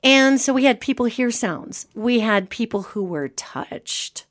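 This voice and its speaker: A woman hosting a podcast as a medium, an animated storyteller who acts out quotes in casual chat. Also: a little high, a little slow. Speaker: host and medium.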